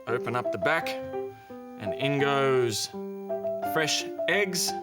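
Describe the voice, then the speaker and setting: A man narrating for young children, unhurried and clear as he plays out a little story with toys. Guitar music sits behind his voice as he walks the kids through each step. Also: mid-range voice, expressive. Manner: gentle, clear, playful with animal sounds. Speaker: children's TV presenter.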